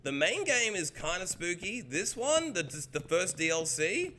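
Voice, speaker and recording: An Australian man streaming a game, chatting casually with viewers in an excitable, rambling way and swearing freely. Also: high voice, unhurried, a little hiss or hum. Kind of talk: casual chat while gaming.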